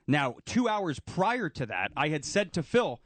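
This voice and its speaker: A man's voice: on the high side, very animated, measured pace, no echo. A man working as a radio executive producer, exasperated and defensive in studio banter. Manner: exasperated, defensive, building to shouting. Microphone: studio microphone.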